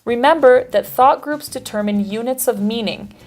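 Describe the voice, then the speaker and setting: A woman teacher giving scripted lesson narration in a clear, explanatory, evenly paced manner. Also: on the high side, moderate pace, darkish tone, faint music behind.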